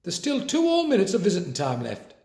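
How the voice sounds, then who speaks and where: A man's voice: high voice, wildly swooping pitch, fast, darkish tone, pitched above the performer's own voice, exaggerated voice. A man voicing a scheming female matron of a care home, sugary and sarcastic. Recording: roomy echo.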